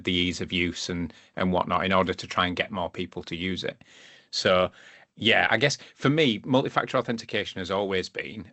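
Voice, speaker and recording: A man's voice: low voice, bright, forceful tone, dry recording. A man co-hosting a tech podcast, thinking aloud as he weighs convenience against security. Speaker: podcast co-host. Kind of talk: casual tech discussion.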